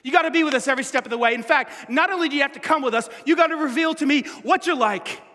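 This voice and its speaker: A man voicing a desperate man pleading with God, speaking in urgent, rapid bursts. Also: very high-pitched, sharp tone. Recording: echoey hall.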